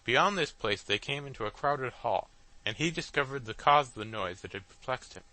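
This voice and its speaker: A man narrating a classic novel as an audiobook in a steady literary reading. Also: medium pitch, moderate pace, dry recording, rough recording. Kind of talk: scripted narration.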